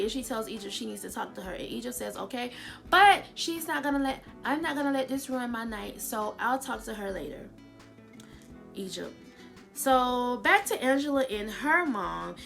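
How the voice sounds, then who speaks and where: Woman doing a show recap, kinda high voice with some fry, opinionated and a little exasperated. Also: fairly bright tone. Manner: chatty, opinionated, exasperated asides. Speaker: reality show reviewer. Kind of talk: casual recap and commentary.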